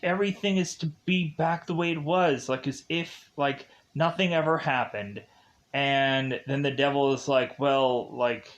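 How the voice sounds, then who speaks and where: Man, movie reviewer, unhurried, rambling, filler-heavy, self-amused, mid-range voice. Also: medium pitch. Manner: self-amused, laughs at his own tangents. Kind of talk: casual film recap.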